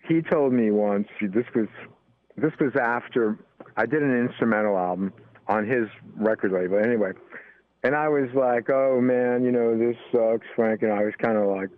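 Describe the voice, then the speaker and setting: Older American guest, rambling easy talk, dry phone-like sound. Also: male voice, medium pitch, dry recording. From United States. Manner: rambling, full of "you know" fillers. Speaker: guest musician. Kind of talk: casual interview talk. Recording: tinny phone-line sound.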